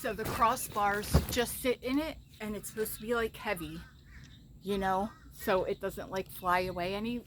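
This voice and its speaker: A woman's voice: steady tone, normal speed. A woman casually chatting while filming outdoors in her backyard, talking viewers through her setup. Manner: chatty, calls to her cat in a high sing-song. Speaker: vlogger. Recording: outdoor background noise.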